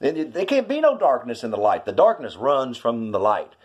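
A middle-aged man rambles through a casual testimony, his pitch sitting in the middle for a man. He keeps looping back with "I says" and "you know." When he gets excited his voice jumps sharply upward. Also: a little fast, husky, muffled recording. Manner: voice climbs high when excited. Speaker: vlogger telling a witness story.

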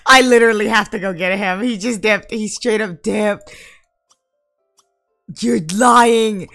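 Excitable woman gaming. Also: medium pitch, unhurried, faint music behind. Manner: exasperated, swings into loud outbursts at the game. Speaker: gaming YouTuber. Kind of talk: casual Let's Play commentary.

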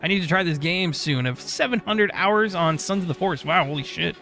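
A man's voice: high-pitched, animated, a little fast, creaky, pushed and bright, soft background music. A congested man hosting a co-op game live stream, casually greeting and thanking viewers one by one.

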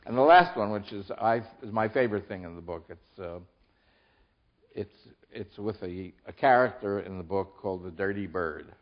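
Low-voiced older man giving a talk. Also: highs cut off. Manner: halting, with restarts and laughs. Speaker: author. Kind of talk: lecture talk. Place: lecture hall.

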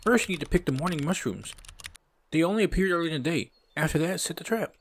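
A man doing chipper high-voiced Bob. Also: expressive, fast. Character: cheerful eager young man, Bob.

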